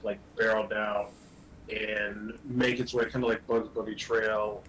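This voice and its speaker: A man's voice: lowish voice, monotone, unhurried, fairly bright tone, slight background noise, low-quality recording. A man acting as game master, describing monsters in a loose, filler-heavy way on a livestream. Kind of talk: narrating a tabletop game on a livestream.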